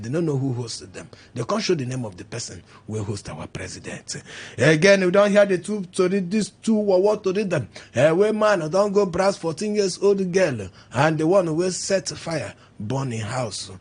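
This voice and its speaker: A man with a Nigerian accent hosting a radio call-in show, talking in a lively, bantering way. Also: high voice, husky. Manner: lively, laughing, animated banter. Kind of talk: casual call-in radio talk in Pidgin.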